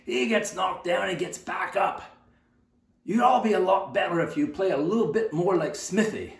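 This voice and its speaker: An older man voicing a strapping male soccer coach in his thirties, who shouts blunt, scolding orders at his team. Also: high voice, moderate pace, gravelly, voice pushed up. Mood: praising. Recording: roomy sound from a distance.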